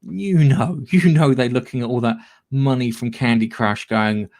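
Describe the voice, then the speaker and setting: Man, podcast co-host, rambling, swears freely, laughs often, mid-pitched voice. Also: moderate pace, darkish tone. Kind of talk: casual chat.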